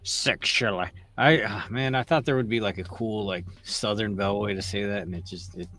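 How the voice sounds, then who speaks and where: A man's voice: on the low side, moderate pace, a bit bright, soft background music. A man co-hosting a casual comedic show review, laid-back and wisecracking. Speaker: podcast co-host.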